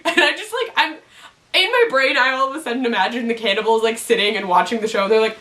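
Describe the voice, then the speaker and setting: A woman hosting a casual video recap, chatty and excitable, full of "like" and "um". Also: on the high side, fast talker, recorded from a distance. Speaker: YouTube TV recap host. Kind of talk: casual chat.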